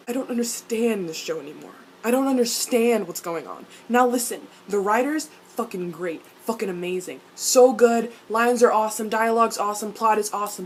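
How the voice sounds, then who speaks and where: A woman ranting as a vlogger about a TV episode, swearing a lot and jumping up in pitch and loudness. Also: normal speed, hardly any pauses, low-quality recording. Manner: excited, swears often, jumps up in pitch and loudness. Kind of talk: fan reaction rant.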